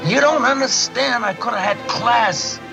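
An actor playing a bitter, washed-up ex-boxer reproaching his brother in a wounded, halting way, from an old film soundtrack. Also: extremely high pitch, vocal fry, over music, full character voice. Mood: anguished. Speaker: film clip character. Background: dramatic film score.

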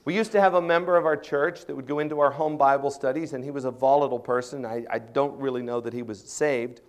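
A man's voice: medium pitch, steady tone, quick pace. A middle-aged man preaching a sermon as a pastor, earnest and emphatic, building in intensity as he drives his points home.

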